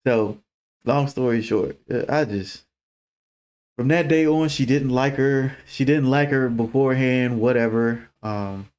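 Animated, profane young man telling a story. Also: medium pitch, unhurried, clear, resonant tone. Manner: animated, profane, laughs often, acts out quoted voices. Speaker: podcast co-host. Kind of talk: casual storytelling chat.

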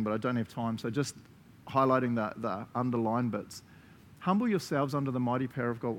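A man with a New Zealand accent preaching a sermon as pastor, animated, laughing often and checking in with listeners with frequent "right?". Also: medium pitch.

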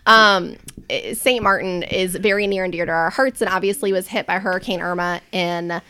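A woman's voice: on the low side, steady tone, moderate pace, pushed and bright, smooth. Frank, laughing woman guest. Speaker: podcast guest. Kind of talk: casual chat.

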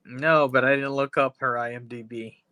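A man's voice: medium pitch, fairly even intonation, normal speed, bright, forceful tone, no echo. Crude rambling podcast co-host man. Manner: rambling, crude retelling with put-on quotes. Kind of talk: casual podcast banter, retelling a horror episode.

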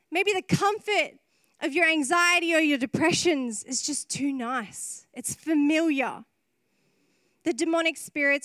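Earnest woman preacher, slightly high voice. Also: fairly bright tone, no room sound. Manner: earnest, emotional, often laughing between phrases. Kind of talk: sermon. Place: church service.

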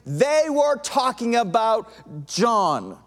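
Male preacher, high voice, animated sermon delivery, reverberant hall. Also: slow pace. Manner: animated, acts out quoted voices, drops to soft intense tone.

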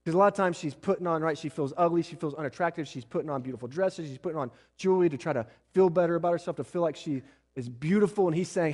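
A man preaches to his congregation with a somewhat raised pitch. He builds to loud, pressing emphasis, then drops to a hushed, close tone. He keeps turning to the room with quick questions. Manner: preaching with rising and falling intensity, asks the congregation questions. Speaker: pastor. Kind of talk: sermon.

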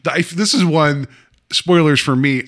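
Man, podcast co-host, bright voice, rambling casual delivery. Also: a little high, moderate pace. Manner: rambling, laughs often, trails off. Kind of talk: casual TV review chat.

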